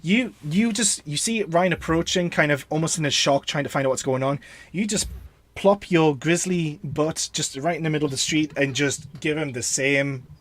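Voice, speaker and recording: A man narrating a tabletop game as game master, halting and laughing as he goes. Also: fairly high pitch.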